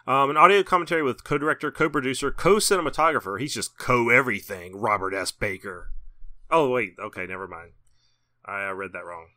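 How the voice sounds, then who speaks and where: A man's voice: mid-range voice, fairly quick, pushed and bright, no echo, clean studio sound. A man co-hosting a horror film podcast, casually chatting and reading out release details with offhand asides. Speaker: podcast co-host. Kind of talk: casual chat.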